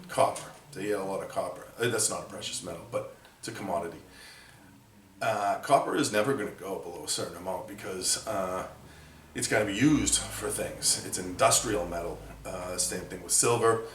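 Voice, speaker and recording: A man's voice: on the low side, a bit bright, distant mic. A man talking casually while taking apart electronics for scrap, rambling with lots of fillers and opinions. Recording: echoey room, voice from off the mic, faint noise.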